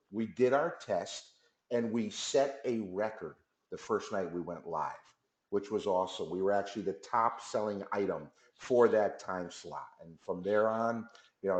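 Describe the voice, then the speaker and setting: A man's voice: lowish voice, reverberant, poor audio. A man guest on a talk radio interview, telling a story casually and acting out the back-and-forth dialogue. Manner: lively storyteller who acts out dialogue. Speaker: company executive guest.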